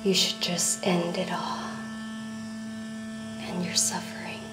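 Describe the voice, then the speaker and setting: A tormented young soldier woman in a film drama, slow and strained, dropping to whispers and breaking into outbursts. Her lines sit over a steady electrical hum and noise. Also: lowish voice. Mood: self-loathing. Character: soldier woman battling PTSD and inner self-loathing.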